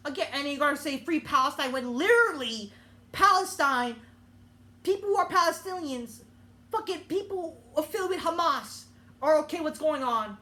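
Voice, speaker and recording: A young woman delivering an angry political rant as a vlogger, swearing often and breaking off into halting restarts. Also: high-pitched, fairly bright tone, slight background noise. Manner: heated, profane, halting with many restarts.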